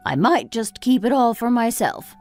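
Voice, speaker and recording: A woman's voice: a little high, very animated, moderate pace, faint music behind. A woman voicing an exasperated, scolding mother. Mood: dismissive. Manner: reproachful, fires off questions. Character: exasperated middle-aged mother scolding her drunk grown son. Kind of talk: texting-story voice-over.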